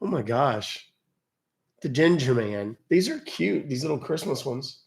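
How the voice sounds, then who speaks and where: A man's voice: medium pitch, big pitch swings, measured pace, vocal fry, noisy background. Man, live stream host, chatty and wry, voice still recovering. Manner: chatty, wry, loose asides. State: voice not fully recovered. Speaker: scam-baiting streamer.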